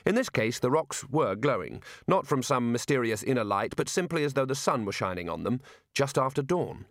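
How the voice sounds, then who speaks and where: A man narrating an audiobook in a wry, expressive storytelling manner. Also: mid-range voice, fairly quick, no room sound, studio quality. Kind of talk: scripted narration.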